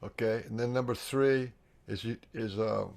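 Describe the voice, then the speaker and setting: A man leading a live online healing workshop, explaining the steps earnestly and pausing often to restart and repeat his words. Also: mid-range voice, fairly even intonation, vocal fry, a little mellow. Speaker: workshop facilitator.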